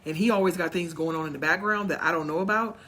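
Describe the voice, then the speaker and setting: A woman's voice: fairly low pitch, quick pace, a bit bright. A woman chatting straight to her viewers at home, telling a personal story and acting out what others said. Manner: acts out others' voices in quotes. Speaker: vlogger. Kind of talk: casual storytime vlog.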